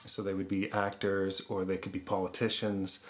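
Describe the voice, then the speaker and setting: A podcast producer tells animated anecdotes in a conversational interview, laughing often. He speaks in a low-pitched voice at a moderate pace.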